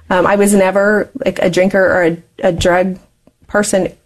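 A woman's voice: mid-range voice, flat delivery, measured pace. A woman in her forties, an interview guest telling her life story candidly and laughing often as she talks.

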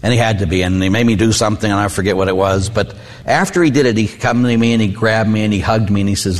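A man's voice: lowish voice, quick pace. Middle-aged man, priest, conversational sermon, "huh?" asides, long hall reverb. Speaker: Catholic priest. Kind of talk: sermon with personal stories.

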